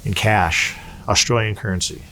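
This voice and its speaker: A man's voice: lowish voice, moderate pace. A man in an interview, telling his story with lots of swearing and acting out what people said. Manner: profane, animated, acts out quotes. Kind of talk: candid storytelling.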